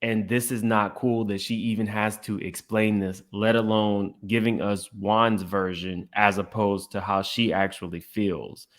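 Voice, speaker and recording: Low-voiced man with blunt commentary. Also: level tone, unhurried, few pauses. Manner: blunt and opinionated, addresses viewers. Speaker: commentary host. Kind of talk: reaction commentary on podcast clips.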